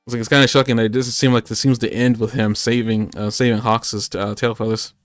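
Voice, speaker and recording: A man's voice: mid-range voice, level tone, fairly quick, no room sound, clean studio sound, faint music behind. A man co-hosting a podcast, recapping an anime episode in casual, rambling chat with lots of fillers and jokes. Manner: rambling, joking, many fillers. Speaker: podcast co-host.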